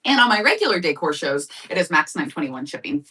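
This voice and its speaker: Her voice sits low yet sounds bright and forceful, with a sing-song lilt and a quick pace, as this woman runs a live-stream craft-supply sale. She keeps the chat with viewers casual and upbeat, though she's far from the mic.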